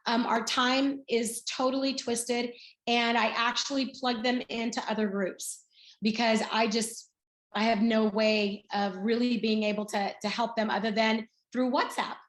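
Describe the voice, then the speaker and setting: A woman's voice: a little high, level tone, measured pace, a bit bright. A woman in her sixties telling her personal story in a chatty, storytelling way on a video call, acting out bits of dialogue as she goes. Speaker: guest speaker. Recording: roomy echo.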